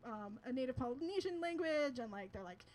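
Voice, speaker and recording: A woman's voice: high voice, lively intonation, a little fast, a little mellow, low-quality recording. A young woman telling a personal story to an audience, chatty and laughing often, with lots of filler words.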